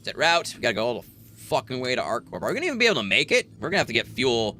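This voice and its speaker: A man's voice: mid-range voice, big pitch swings, very fast, bright, forceful tone, slight background noise. An American man streaming a space game, chatting casually and joking with heavy swearing. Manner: profane, joking banter. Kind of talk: casual gameplay chat.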